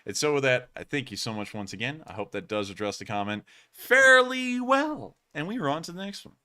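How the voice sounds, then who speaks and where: A man's voice: mid-range voice, very animated, fairly quick, pushed and bright, clean tone. A man hosting a casual news livestream who says he is exhausted and yawning, talking in a drawling, apologetic way between answers. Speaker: livestream host.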